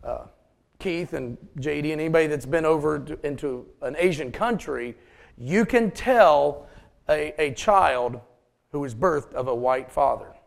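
A preacher man with a gravelly, creaky edge to his slightly high voice. He talks in a folksy, off-the-cuff way, throwing jokes and questions out to his congregation. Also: measured pace. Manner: folksy, joking asides to the congregation. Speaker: pastor. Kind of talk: sermon.

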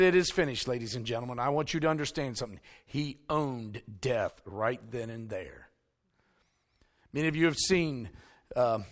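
A male preacher, delivering a sermon that swings from hushed storytelling to emphatic shouting. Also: medium pitch.

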